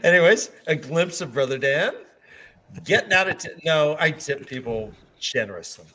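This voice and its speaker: A man's voice: fairly high pitch, lively intonation, moderate pace, pushed and bright. Joking man recapping a book. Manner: joking, rambling, swears casually. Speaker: podcast host summarizing chapters. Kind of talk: casual book discussion.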